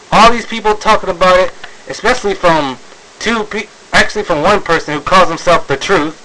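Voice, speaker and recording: Exasperated slow-talking man ranting. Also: high-pitched, bright, forceful tone, a little hiss or hum, rough recording. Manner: exasperated, sighing, frequent fillers and restarts. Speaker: video blogger. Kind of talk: ranting video commentary.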